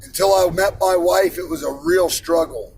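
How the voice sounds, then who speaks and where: A blunt, profane man in his forties rants in a high, gravelly voice. He preaches hard about responsibility, and faint vehicle noise hums behind him. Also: moderate pace, a little mellow, poor audio. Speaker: iron worker ranting on camera. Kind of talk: profane personal rant.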